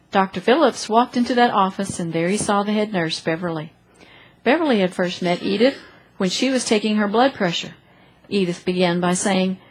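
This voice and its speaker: A woman reads a story aloud in church. She is expressive and gives the characters' lines their own small voices. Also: medium pitch, breathy edge, poor audio. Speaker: reader of a story in a church service.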